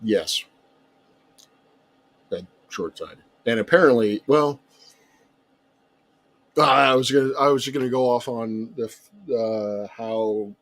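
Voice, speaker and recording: Hesitant man chatting as a guest. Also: on the low side. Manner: hesitant, lots of fillers and restarts. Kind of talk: casual livestream chat.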